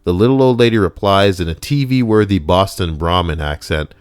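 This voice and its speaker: Man, deep voice, dry close sound, casual story reading, wry joking asides, home stream. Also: moderate pace, clear, resonant tone, no room sound. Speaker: streamer reading online stories.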